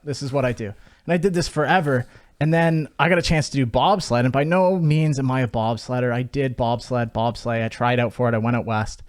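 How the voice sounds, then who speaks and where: Rambling, swearing podcast host. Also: male voice, medium pitch, fast. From Canada. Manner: rambling, swears freely, many fillers. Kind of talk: casual podcast chat.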